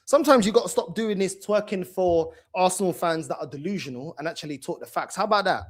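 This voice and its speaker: A man's voice: high voice, fast talker, breathy edge. A man hosting a fan channel and mocking a video in heated, slangy reaction commentary. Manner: mocking, loud and animated, slangy, repeats "bro".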